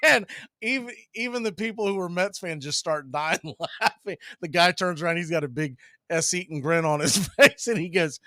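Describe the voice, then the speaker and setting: A middle-aged man doing casual baseball play-by-play, telling long stories between pitches and laughing as he goes. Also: normal speed, fairly bright tone, dry recording, clean studio sound.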